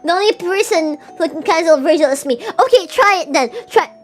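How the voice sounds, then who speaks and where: A young woman VTuber streams live, reading super chats and teasing viewers playfully, frequently stammering. Her very high-pitched voice is brisk with lively intonation, faint music behind her.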